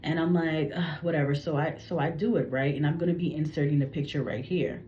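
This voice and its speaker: A woman with a low voice tells a psychic channeling story to her viewers, rambling and often restarting her sentences. The recording sounds slightly dull and lo-fi, with faint background noise. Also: steady tone, brisk. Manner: rambling, frequent restarts and self-corrections. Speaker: psychic reader. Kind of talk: casual channeling story to camera.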